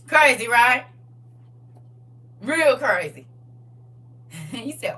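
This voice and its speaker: A woman hosting a livestream, talking in a casual, preachy, comic way, animated, laughing and teasing. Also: fairly high pitch, takes it slowly, long pauses, far from the mic. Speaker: livestream host.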